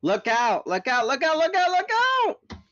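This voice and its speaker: A man's voice: very high-pitched, huge pitch swings, measured pace, bright, forceful tone, voice pushed up, full character voice. A man voicing a panicked teenage girl who screams directions from the passenger seat, on a dull, lo-fi recording.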